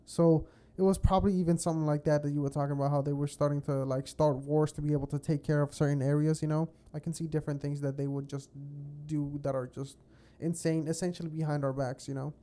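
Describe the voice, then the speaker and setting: A man's voice: on the high side, flat delivery, fast, few pauses, warm tone. A young man from California co-hosting a podcast, chatting casually and rambling with frequent swearing. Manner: rambling, swears a lot, laughs often. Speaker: podcast co-host. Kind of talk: casual chat.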